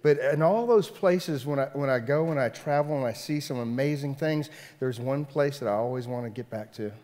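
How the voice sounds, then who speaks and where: A Southern-accented pastor in mid-life delivers his sermon in a loose, conversational way. His voice sits at a middle pitch, stumbling over restarts and circling back on phrases for emphasis. A long reverb from a large church hall trails each line. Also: moderate pace, a little mellow. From Southern United States.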